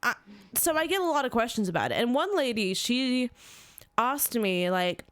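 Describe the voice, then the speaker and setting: Animated young woman with an accent, slightly high voice, telling work stories on a podcast. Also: normal speed. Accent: non-local accent. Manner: animated, jumps into high voices when quoting. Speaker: podcast co-host. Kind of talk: casual chat and storytelling.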